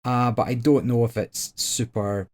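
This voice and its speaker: A man's voice: mid-range voice, steady tone, a little slow, darkish tone. A man co-hosting a board game podcast, chatting casually and hesitantly with frequent ums and repeated words. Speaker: podcast co-host. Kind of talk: casual chat.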